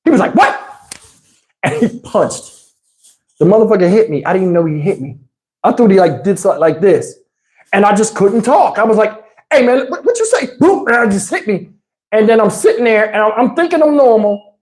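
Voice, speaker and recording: The host of this casual storytime has a high voice and talks fairly quickly, recorded in low quality. He brings the quotes to life with animated acting and laughs as he goes.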